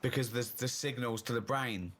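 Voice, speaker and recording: A man's voice: medium pitch, moderate pace, a bit bright, a little hiss or hum. A man hosting a radio show, mocking and teasing in casual banter. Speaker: radio host.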